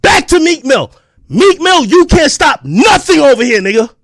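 A man with a podcast delivering an aggressive, profane callout, taunting and often shouting. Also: extremely high pitch, big pitch swings, moderate pace, no echo, studio quality. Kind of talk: heated callout rant to camera.

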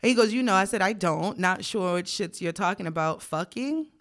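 A woman's voice: mid-range voice, a little fast, fairly bright tone. A young woman co-hosting a casual podcast, telling a story bluntly and profanely, reading text messages aloud and breaking into frequent laughter. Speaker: podcast co-host.

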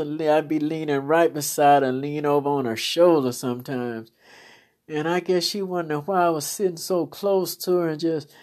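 A woman's voice: low-pitched, darkish tone. A woman minister telling stories from church life in a fervent, storytelling testimony, exclaiming praise now and then.

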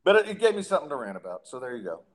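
A man's voice: mid-range voice, big pitch swings, very fast. Ranting male podcast host. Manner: exasperated, ranting, lots of restarts. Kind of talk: casual chat and rant.

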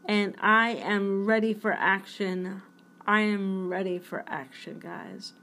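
A woman's voice: medium pitch, steady tone, slow pace, pushed and bright, slight background noise. A woman in her forties hosting her own podcast, chatting in a goofy, rambling way and jumping from topic to topic. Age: 40s. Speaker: podcast host. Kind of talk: rambling solo podcast chat.

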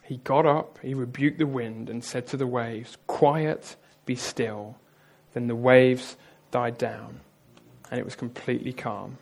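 A man's voice: mid-range voice, moderate pace, vocal fry. A man preaching a sermon, retelling a story vividly and talking straight to his audience. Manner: lively storytelling, addresses the audience directly.

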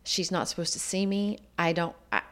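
A woman's voice: on the low side, steady tone, normal speed, fairly bright tone. A woman earnestly telling a personal story in conversation, acting out what others said along the way. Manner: earnest, reflective storytelling with quoted dialogue. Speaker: guest telling her life story.

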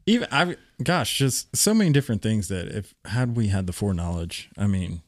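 A man chatting casually with an old friend, joking and reminiscing, his voice leaping up when he gets excited. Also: fairly quick, no room sound, studio quality. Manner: joking, animated, jumps up in pitch when excited. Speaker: guest, old friend and former housemate. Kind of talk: casual conversation.

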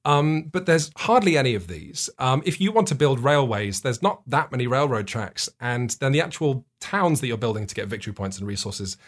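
A man hosting a podcast, chatty and self-deprecating as he explains things at length. His voice sits at a middle pitch. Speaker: podcast host. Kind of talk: casual podcast chat.

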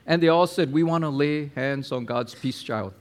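A man preaching a sermon, telling a story with lively acted-out quotes and talking to the listener directly. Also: fairly high pitch, normal speed. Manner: animated storyteller, acts out quotes, addresses listener as my friend.

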